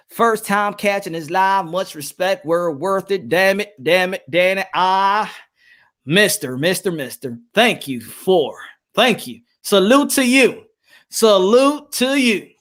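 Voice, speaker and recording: A man's voice: high voice, unhurried, fairly bright tone. A man hosting a live boxing podcast in playful, joking casual chat, often repeating himself.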